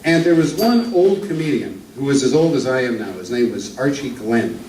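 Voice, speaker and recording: Casting: an older man, a vaudeville performer, reminiscing haltingly, heard from a distance with a faint background hiss. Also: mid-range voice, animated, darkish tone. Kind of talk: stage storytelling. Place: theater stage. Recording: echoey stage from a distance, faint room noise.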